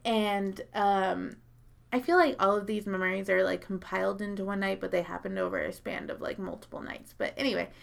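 A woman in casual chat, telling a long story full of fillers and swearing and jumping into high, loud voices when she quotes people. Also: fairly even intonation, a little fast, vocal fry. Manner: rambling, profane, heavy filler words.

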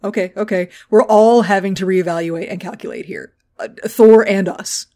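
A woman's voice: medium pitch, steady tone, normal speed, mellow. Joking, profane woman recapping a movie. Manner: profane, joking, acts out characters in retelling. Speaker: podcast co-host. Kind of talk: casual movie recap chat.

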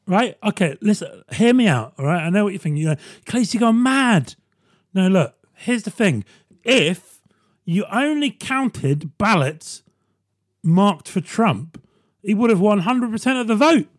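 A man hosting a podcast, delivering a sardonic comedy monologue with quick asides to the listener. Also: high voice, expressive, no echo, studio quality. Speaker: podcast host. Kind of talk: stand-up style comedy monologue.

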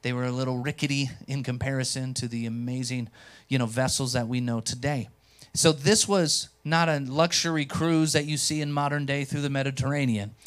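A pastor preaching a sermon, telling stories with animation and speaking directly to the congregation. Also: male voice, medium pitch, brisk, smooth. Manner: animated storytelling, acts out quotes. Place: church.

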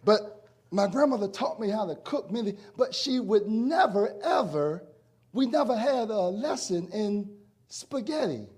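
A man preaching a sermon, telling a homey story and then building to loud, emphatic preaching. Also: high voice, slightly rough. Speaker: pastor.

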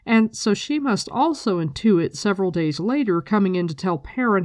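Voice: mid-range voice, expressive, moderate pace, no room sound, clean studio sound. A host casually recapping a book with blunt, profane chat, mixed with reading passages aloud.

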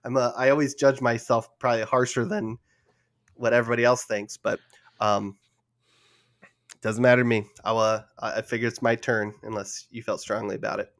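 A man's voice: mid-range voice, flat delivery, a little fast, a bit bright. A young man hosting a casual gaming podcast, nervous and laughing often at himself. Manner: nervous, laughing, self-deprecating. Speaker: podcast host.

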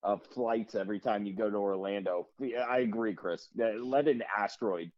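A man's voice: on the low side, normal speed. Sarcastic ranting man, muffled podcast sound. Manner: sarcastic, profane joking rants. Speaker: podcast co-host. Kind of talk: casual chat.

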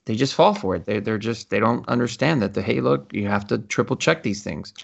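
A man's voice: on the low side, animated, a little fast, gravelly, slightly rough, highs cut off. A man hosting a casual podcast, swearing freely and acting out the conversations he retells. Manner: swears freely, acts out quoted exchanges. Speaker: podcast host.

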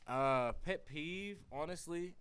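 A man who is an R&B singer, a guest on a podcast, talking in a relaxed and candid way. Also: fairly high pitch, takes it slowly, a crowd in the background. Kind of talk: casual interview chat.

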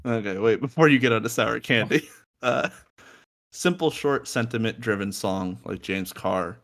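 A young man with a fairly low voice talks casually on a music podcast from a room at home. He jokes, swears freely and laughs often between his points. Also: moderate pace, a bit bright. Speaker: podcast co-host.

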